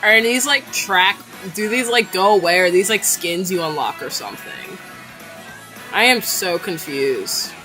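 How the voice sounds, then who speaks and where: A woman reacting to a game trailer in casual, slangy commentary, excitable and quick to laugh and shout out. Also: medium pitch, over music.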